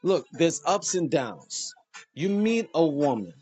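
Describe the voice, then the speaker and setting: A man hosting a casual monologue, preachy and animated, joking and laughing at his own lines. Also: fairly high pitch, slow, faint music behind. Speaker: host.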